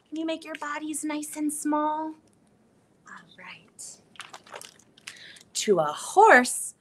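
A woman hosting a children's storytime, reading a picture book and singing action songs in a playful, animated way. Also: sits high, takes it slowly, pauses often, slight background noise. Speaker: library storytime host.

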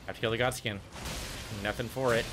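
A man's voice: medium pitch, fairly even intonation, a little fast, noisy background. A man casually commenting on his own gameplay, thinking aloud and muttering to himself as he plays. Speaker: let's play gamer.

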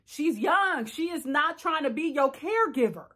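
A woman's voice: high-pitched, expressive, moderate pace, pushed and bright. A young woman hosting a casual reality TV recap, blunt and sassy, laughing often and full of slang. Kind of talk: casual reaction commentary.

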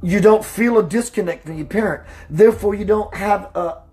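A man hosting a spiritual talk radio show, preaching emphatically, slowing down for emphasis and greeting listeners by name. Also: faint music behind. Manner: slows down for emphasis, voice dips low and quiet.

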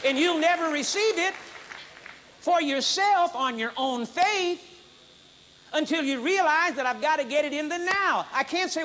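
Man preaching at a conference, real high voice that jumps all over, punchy and repeating himself. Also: lively intonation, moderate pace, a bit bright, a faint crowd, a little hiss or hum. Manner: emphatic, repetitive, rising to high exclaims. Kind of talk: sermon. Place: conference hall.

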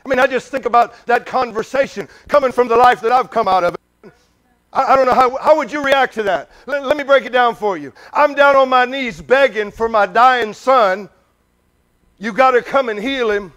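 A man's extremely high-pitched voice carries a sermon at a moderate pace. He speaks conversationally to the congregation, full of questions, alternating urgent loud passages with quiet asides.

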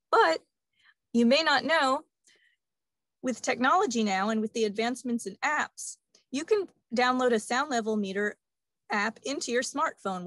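A woman's voice: fairly high pitch, no room sound. Woman audiologist, dry close sound. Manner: steady, informative. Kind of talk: webinar presentation.

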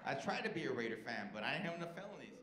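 A man's voice: mid-range voice, sing-song, rapid-fire. A male stand-up comedian doing brash, profane, teasing crowd work on a club stage. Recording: echoey club with crowd noise.

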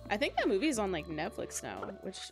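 A woman's voice: medium pitch, huge pitch swings, fast talker. A young woman streaming a game live, chatting to her viewers in a giggly, rambling way with lots of fillers. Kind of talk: casual live-stream chat while playing. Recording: game music playing behind. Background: game music.

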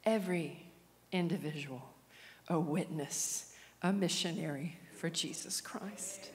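A woman preaching a sermon, telling her story with animated swings from whispers to loud, fervent prayer. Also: lowish voice, slow. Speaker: guest preacher. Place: church sanctuary. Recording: long church hall reverb.

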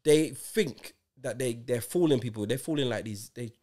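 A man in his forties co-hosting a podcast, telling stories in animated, insistent casual banter. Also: medium pitch, moderate pace. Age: 40s. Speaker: podcast co-host.

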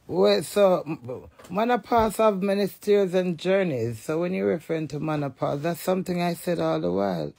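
A middle-aged woman in a blunt, profane, animated casual rant to the camera. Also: fairly low pitch, normal speed, vocal fry, hardly any pauses.

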